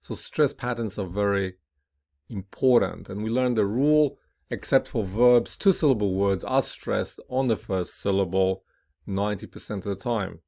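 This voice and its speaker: A man with a lowish, dark-toned voice teaches an English pronunciation lesson, explaining each rule slowly and deliberately. He checks in often with "right?" and says word pairs aloud with clear, emphatic stress.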